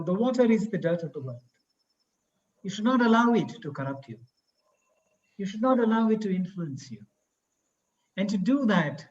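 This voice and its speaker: A man's voice: sits high, darkish tone. Earnest man on a muffled call. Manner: earnest storytelling, slow emphatic phrasing. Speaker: guest speaker, professor. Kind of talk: spiritual talk with stories.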